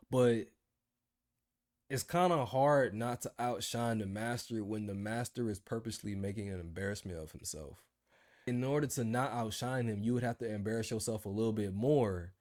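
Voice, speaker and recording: A man's voice: fairly low pitch, moderate pace, a little mellow. A man in his twenties ranting about his job in a casual video diary, telling the story with slang. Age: 20s. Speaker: vlogger.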